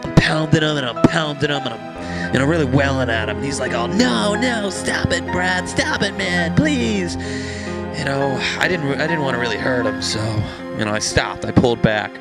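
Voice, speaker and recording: A man acts the part of a bitter, resentful former friend, speaking haltingly and leaning on lots of fillers. His voice is natural and medium-pitched, and music plays clearly in the background.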